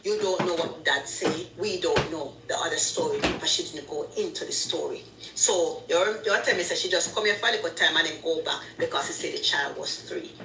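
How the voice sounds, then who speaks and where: A woman with a lowish voice calmly reasons through the talk. She sounds far off in an echoey room, with clear noise behind her. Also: fairly quick. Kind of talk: casual chat. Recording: echoey, distant, noisy.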